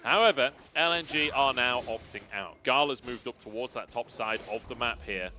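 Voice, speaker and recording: A man casting a live esports match, giving analysis with lively, laughing banter. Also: medium pitch, moderate pace, faint music behind. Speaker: esports caster. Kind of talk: live color commentary.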